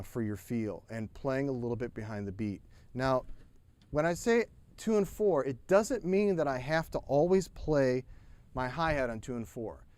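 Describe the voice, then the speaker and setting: A man giving a live-stream drum lesson, talking casually with lots of fillers and restarts, over a drum kit. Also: mid-range voice. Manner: relaxed, talkative, many fillers and restarts; counts aloud and scats rhythms over drumming. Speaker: drum teacher. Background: drums playing.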